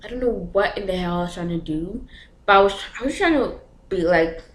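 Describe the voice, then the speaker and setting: A young woman tells a personal story to her camera in a loose, chatty storytime style. She keeps her pitch mid-range and fills her talk with fillers and nervous laughs. Her voice bounces around a small, echoey room. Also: animated, fairly quick. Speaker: vlogger. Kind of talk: casual storytime.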